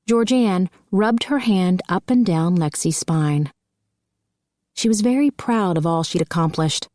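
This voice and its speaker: A woman narrates an audiobook in a steady, measured reading. Her voice is low and the studio booth sound is dry and close. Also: dry recording. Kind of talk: scripted narration.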